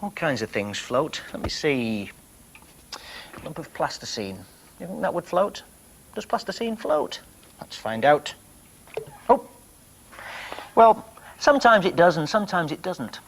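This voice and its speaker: Man, children's TV presenter, slow and gentle, slightly raised pitch, faint hiss. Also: sing-song, creaky. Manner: gentle, playful, talks to young viewers.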